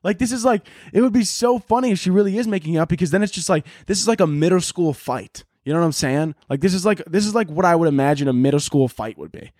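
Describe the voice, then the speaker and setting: A man with a fairly high voice hosts a comedy podcast in a profane, rambling rant. He jumps between tangents with animated energy. The sound is dry and close. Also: quick pace, hardly any pauses, no echo. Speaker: podcast host. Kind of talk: casual comedic podcast monologue.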